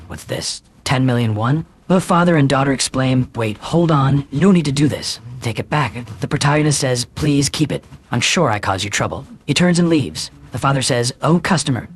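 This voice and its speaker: Fast-talking husky male recap narrator. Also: medium pitch. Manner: rushed, even delivery with quick quoted dialogue. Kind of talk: fast scripted story recap, reading all parts.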